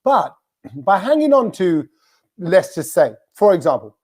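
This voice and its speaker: A man hosting a podcast over a video call, lively and jokey in conversation. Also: high voice, a little slow, husky. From Britain. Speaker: podcast host. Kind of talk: casual chat.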